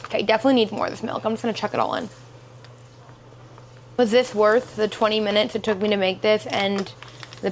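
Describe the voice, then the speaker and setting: A woman's voice: on the high side, a little hiss or hum. A young woman chatting casually in a vlog, rambling and giggly, with lots of fillers. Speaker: vlogger.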